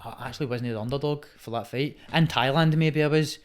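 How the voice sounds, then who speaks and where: A man's voice: mid-range voice, brisk, clean tone. A man with a Scottish accent, a fighter as a podcast guest, talking bluntly and emphatically in casual chat, swearing a lot and calling the host "mate" after nearly every phrase. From Scotland. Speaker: guest, Muay Thai fighter.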